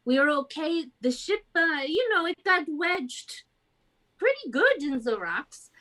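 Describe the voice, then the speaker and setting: A woman's voice: high voice, sing-song, a little slow, bright, forceful tone, full character voice. Woman doing a flustered half-elf captain. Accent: vaguely French, put on. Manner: polite, hesitant, stammering. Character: short petite half-elf male ship captain, flustered.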